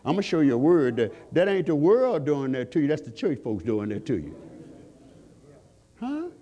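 Man preaching with lively, swooping pitch. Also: normal speed. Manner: call-and-response preaching, rising to fervent peaks; rhetorical questions to the congregation. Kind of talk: sermon.

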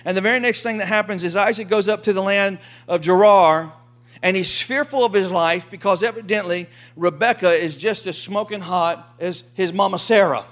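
High-voiced lively preaching man. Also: moderate pace. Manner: lively, folksy preaching with acted quotes. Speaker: pastor. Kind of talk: sermon.

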